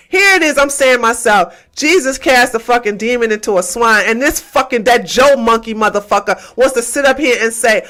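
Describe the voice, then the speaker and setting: A woman hosts a heated livestream rant, taunting her chat and firing the same questions again and again. Her voice is bright and tense, and her talk is combative and full of profanity. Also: on the high side, moderate pace, few pauses. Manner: repeats and hammers questions. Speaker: livestream host.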